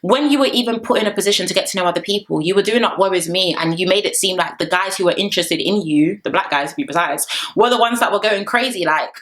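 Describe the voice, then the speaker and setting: A young woman gives casual, animated commentary on a reality TV show and often breaks into laughter. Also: medium pitch, fast talker. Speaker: reality TV reviewer.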